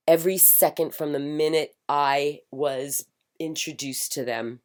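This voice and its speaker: A middle-aged woman speaking in a passionate personal monologue, emphatic and repetitive, swinging from loud declarations to hushed whispers. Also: low-pitched, fairly even intonation, unhurried. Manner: fervent, repetitive chanting phrases. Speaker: spiritual commentator.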